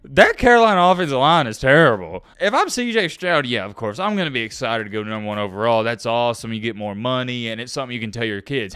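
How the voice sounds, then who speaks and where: A young man giving his opinions in a casual sports vlog, emphatic and animated, with frequent asides. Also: mid-range voice, fast talker, few pauses, smooth, no room sound, clean studio sound. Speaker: sports commentator vlogger.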